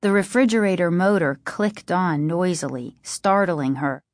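Slow, suspenseful woman storyteller. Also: lowish voice, no echo. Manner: measured, suspenseful reading. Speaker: narrator. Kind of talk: storybook narration.

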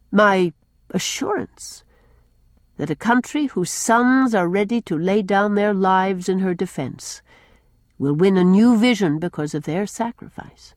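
A woman reading the part of a gentle, dreamy male minister who speaks quietly and earnestly. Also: mid-range voice, expressive, measured pace, dry recording, clean studio sound, close to an everyday voice.

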